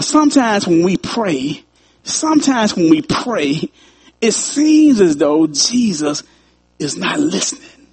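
A man's voice: high voice, husky. A man preaching a sermon in a conversational way, chuckling often and repeating his phrases.

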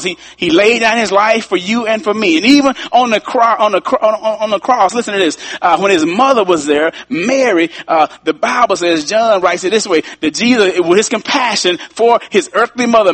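A man's voice: sits high, a bit bright, no room sound. A man preaching a sermon to his congregation, talking in a conversational way, repeating himself and addressing listeners directly.

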